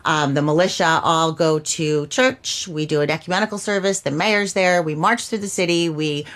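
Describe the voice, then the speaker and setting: Enthusiastic woman with a deep voice. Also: moderate pace, a bit bright. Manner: enthusiastic and explanatory. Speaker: museum representative. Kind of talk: casual interview chat.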